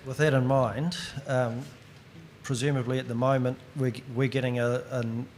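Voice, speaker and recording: A man in the audience asking a long question at a seminar, halting and thoughtful. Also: mid-range voice, flat delivery, darkish tone, slight background noise. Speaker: audience member.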